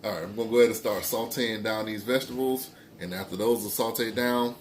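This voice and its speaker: A man giving a casual home cooking tutorial in a relaxed, folksy way, talking through each step at the stove. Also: on the low side, fast talker. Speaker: home cook. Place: home kitchen, stove sizzling behind.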